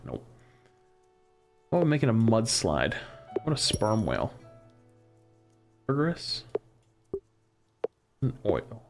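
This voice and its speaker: A man streaming a crafting game, musing aloud as he tries one combination after another. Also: on the low side. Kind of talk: casual live-stream commentary.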